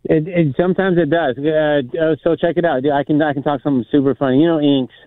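A man's voice: a little high, steady tone, quick pace, no echo. A man in casual podcast chat, telling a rambling story with lots of fillers and acted-out quotes. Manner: rambling, many restarts and fillers, acts out quotes. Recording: tinny phone-like sound.

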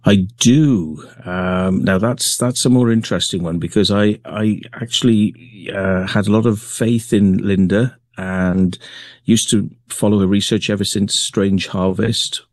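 A man being interviewed, talking in a relaxed way with many pauses and fillers. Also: fairly low pitch, no echo. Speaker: guest, crop circle maker. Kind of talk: remote interview.

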